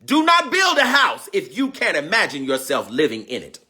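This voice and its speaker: A man's voice: fairly high pitch, huge pitch swings, moderate pace, sharp tone. A man preaching a livestream sermon, fervent and emotional, repeating phrases, crying out, and calling to viewers by name. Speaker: preacher and teacher hosting a livestream. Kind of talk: call-and-response livestream sermon.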